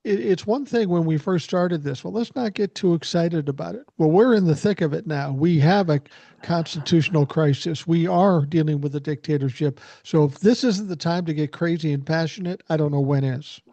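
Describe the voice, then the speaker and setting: An older man hosting a political podcast, talking in a measured, steady way. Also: a little high, no room sound. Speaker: podcast host. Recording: dull dry lo-fi sound.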